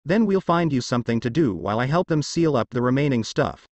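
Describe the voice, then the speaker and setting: A man's voice: medium pitch, lively intonation, a little fast, darkish tone, no echo, dull audio, natural voice. A man voicing an authoritative adult ninja uncle in a storybook reading. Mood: commanding.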